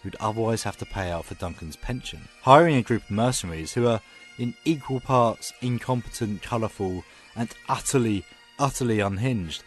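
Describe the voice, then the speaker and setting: A man's voice: lowish voice, a little fast, soft background music. A man co-hosting a film podcast, chatting enthusiastically and reading scripted reviews. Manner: enthusiastic, animated. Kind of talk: casual chat and scripted review narration.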